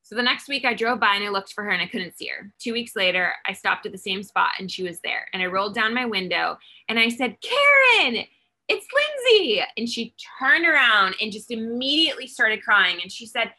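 As a guest on a faith interview in Texas, the founder of an outreach ministry tells earnest stories about her work, performing her own lines as she goes. She speaks briskly with few pauses, at medium pitch and with a sharp tone.

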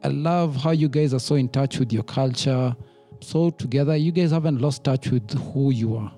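Kenyan guy hosting a podcast, jokey, laughs a lot, mellow voice, faint music behind. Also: medium pitch, moderate pace. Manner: playful, laughs often. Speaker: podcast host. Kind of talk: casual podcast chat.

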